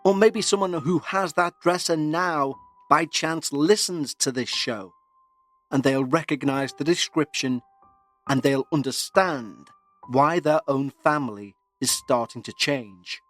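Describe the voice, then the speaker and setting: An uneasy Scottish woman pours out her worries in an earnest letter, as a man puts on her voice. The put-on Scottish accent is plain, and the voice sits fairly high for a man. Soft music plays underneath. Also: unhurried. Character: anxious Scottish woman writing about a haunted dresser. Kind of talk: dramatic reading of a listener email.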